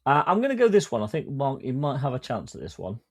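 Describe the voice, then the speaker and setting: A man hosts a quiz among podcast friends, teasing the players and stretching out his questions. His voice sits at an ordinary middle pitch, relaxed and chatty. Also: fast. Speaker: podcast co-host running a quiz. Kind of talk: casual quiz banter.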